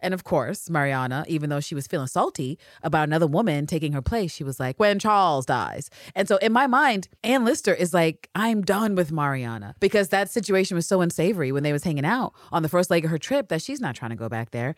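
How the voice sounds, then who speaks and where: A woman co-hosting a podcast in a casual recap chat, animated and swearing freely as she acts out characters' lines. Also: deep voice, fast, few pauses, no room sound, clean studio sound. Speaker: podcast co-host.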